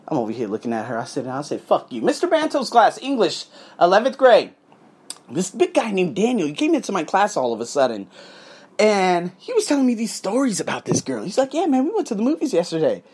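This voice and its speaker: A man's voice: high voice, a little fast, husky. A man in his thirties from Las Vegas, hosting a podcast alone and telling a profane, rambling story with plenty of asides while sipping cognac. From Las Vegas, United States. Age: 30s. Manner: animated, profane, drifts off into asides. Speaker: podcast host. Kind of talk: casual storytelling monologue.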